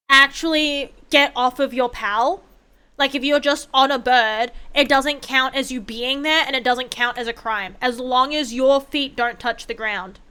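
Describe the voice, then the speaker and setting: A young woman streaming a game, chatting casually in a rambling way, swearing freely and breaking into excited outbursts. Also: high voice, clean tone. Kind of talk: casual gameplay chat.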